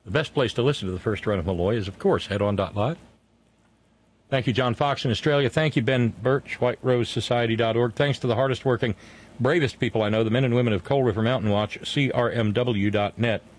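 A middle-aged man hosting a talk show, speaking earnestly and haltingly with frequent restarts as he thanks his guest and listeners. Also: medium pitch. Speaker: radio show host. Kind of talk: casual on-air chat and sign-off.

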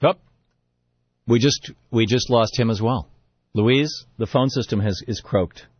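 A man's voice: medium pitch, unhurried, breathy edge, no room sound, highs cut off. A man hosting a radio talk show, telling a long story and then ranting emphatically about politics. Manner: rambling storyteller, building to emphatic rant. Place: radio studio.

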